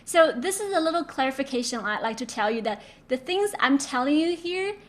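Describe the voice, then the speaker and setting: A woman's voice: high-pitched, animated, brisk. A woman teaching Mandarin pronunciation in an online lesson, patiently demonstrating sounds and repeating words for students to copy. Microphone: own microphone.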